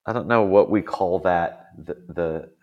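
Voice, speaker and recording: Man, deep voice, podcast host, casual rambling chat, self-deprecating. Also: a little slow, dull audio.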